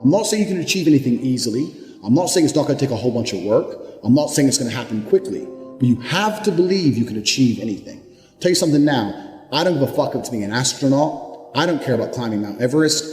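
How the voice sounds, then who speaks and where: A man of middling pitch delivers a motivational speech in a blunt, profane way, driving home every point with hard conviction. His voice rings out with a long hall reverb, and faint music plays beneath it. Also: lively intonation, quick pace, a little mellow. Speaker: motivational speaker.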